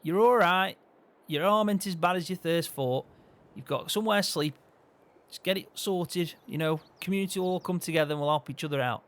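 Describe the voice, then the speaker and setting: A man's voice: high voice, fairly quick. A man hosting a farming game role-play, bantering cheekily with a friend. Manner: cheeky, teasing, lively banter.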